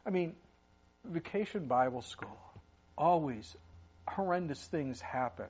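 A man's voice: fairly high pitch, animated, measured pace, a little mellow, husky, dull audio. A middle-aged man preaching a sermon in a conversational way, with asides and sudden emphatic rises. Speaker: pastor.

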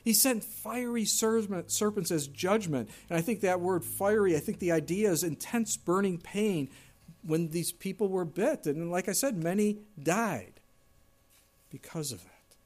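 A man's voice: high-pitched, animated, a little slow, a little mellow. A middle-aged man preaching a sermon in a conversational way, now and then acting out whiny complaints in a raised voice. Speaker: pastor.

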